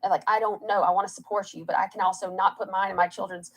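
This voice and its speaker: A young woman talks fast in an interview, her voice dropping into gravelly fry. She rambles, hurt and defensive, about being caught up in family trouble. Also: mid-range voice, flat delivery, poor audio. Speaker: interviewee in a played clip. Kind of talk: personal interview answer.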